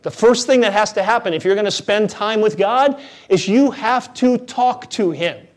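A man preaching a conversational, jokey sermon as a pastor, his delivery dropping to a hush and then rising loud. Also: sits high, moderate pace. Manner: conversational, jokey, swings between hushed and loud.

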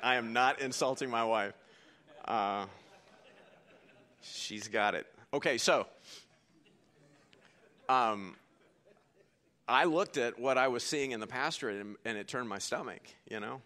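Male preacher, sermon, bright voice, folksy and joking, emphatic. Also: fairly low pitch. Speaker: pastor.

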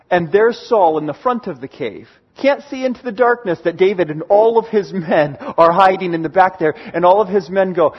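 A man giving a sermon, retelling a scripture story in a lively, animated way and briefly acting out its characters. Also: high voice, breathy edge, dull audio. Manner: animated, acts out characters in quick bursts. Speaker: pastor.

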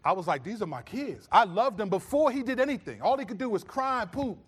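Animated man preaching with twang. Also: high voice, quick pace, slightly rough. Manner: animated storytelling, acts out his own scolding voice. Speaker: pastor. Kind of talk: sermon.

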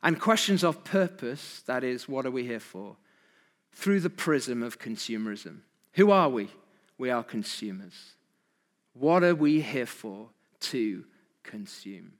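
A man's voice: mid-range voice, lively intonation, a little slow, big-room sound. A man preaching an evening sermon, asking his congregation rhetorical questions with emphasis. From Britain.

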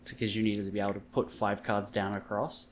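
A man's voice: fairly low pitch, flat delivery, fast talker, slight background noise. A man co-hosting a podcast, chatting in an easygoing way and laughing often. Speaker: podcast co-host. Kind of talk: casual podcast chat.

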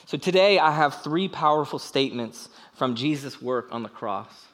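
A male pastor preaching a sermon and leading prayer in a conversational, animated way, with joking asides to the congregation. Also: medium pitch, moderate pace, hardly any pauses.

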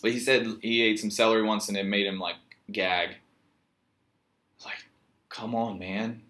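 A man's voice: lowish voice, steady tone, moderate pace, bright, forceful tone. A man from Virginia with a Virginian accent, a yoga teacher telling a rambling, joking story in a casual monologue. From Virginia, USA. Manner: joking, meandering, self-mocking storyteller.

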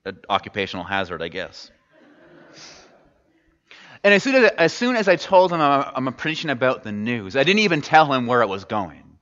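A man's voice: mid-range voice, sing-song, moderate pace, pauses often, a bit bright. Man preaching in a reverberant hall. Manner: conversational, asks the congregation questions. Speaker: pastor. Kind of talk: sermon. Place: church sanctuary. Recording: dull sound in a large reverberant hall.

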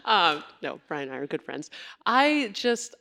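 A woman's voice: medium pitch, very animated, moderate pace, creaky. A woman who serves in family ministry and raises two kids, sharing her faith story in an earnest, reflective way during a church interview. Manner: earnest, reflective, with soft laughs.

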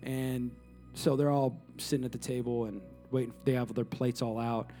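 A man's voice: medium pitch, steady tone, moderate pace, mellow, faint music behind. A man in his thirties preaching a sermon as a pastor, emphatic, repeating key lines and asking the audience questions.

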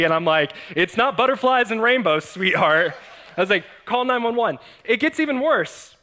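A man preaching to his congregation, telling a personal story with humor and frequent laughs, acting out the voices of the people in it. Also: high voice. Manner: animated, self-mocking, laughs often. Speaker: pastor. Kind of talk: storytelling sermon.

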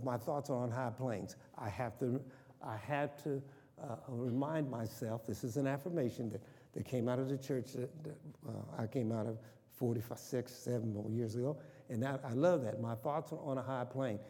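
Older pastor, mellow timbre, call-and-response sermon, long church reverb. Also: male voice, mid-range voice. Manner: call-and-response, asks congregation questions. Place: church sanctuary.

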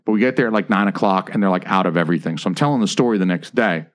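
A man's voice: deep voice, racing. A man hosting a casual podcast chat, rambling through stories with lots of filler words. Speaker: podcast host.

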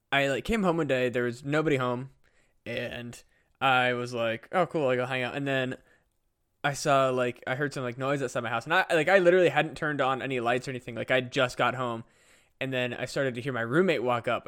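A man's voice: medium pitch, a bit bright, clear, resonant tone. A young man, a podcast co-host, telling a casual story with lots of fillers and swearing. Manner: rambling, profane, many fillers.

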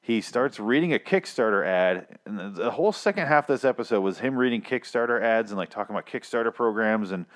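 A Canadian man on a podcast, venting with plenty of swearing and exasperation. His voice sits fairly low, and the talk is loose and conversational. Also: lively intonation, quick pace, hardly any pauses. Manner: profane, exasperated ranting. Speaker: podcast co-host. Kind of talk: casual podcast rant.

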